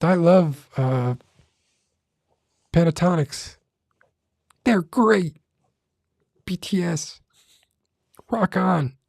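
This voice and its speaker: A man putting on a gushing, squeaky ASMR host. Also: animated, drawn-out words, pauses often, darkish tone, no echo, clean studio sound, full character voice. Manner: high, gushing, exaggerated put-on greeting. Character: over-the-top cheery male ASMR host.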